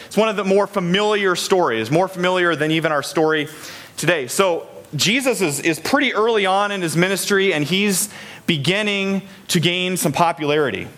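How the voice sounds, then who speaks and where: A man's voice: a little high, a bit bright. A man preaching a chatty sermon to a church congregation, often asking them questions. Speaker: pastor. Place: church in Des Moines, Iowa.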